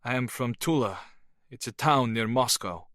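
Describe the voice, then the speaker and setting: A man reading an audiobook voices a Russian spy confessing his true identity in a quiet, earnest way. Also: medium pitch, normal speed, dry recording, studio quality, close to an everyday voice.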